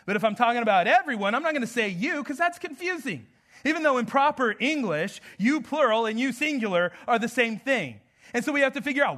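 A man's voice: extremely high pitch, expressive, fairly quick, a bit bright. A man from the American Southwest preaching a sermon as pastor, conversational and joking, often breaking into laughter.

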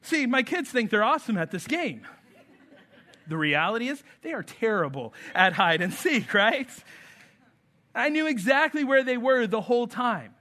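A man in his thirties preaches a sermon in a storytelling way, acting out little scenes as he goes. His voice sits high for a man and has a bright, clear edge to it. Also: moderate pace. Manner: storytelling, animated, acts out voices. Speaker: pastor.

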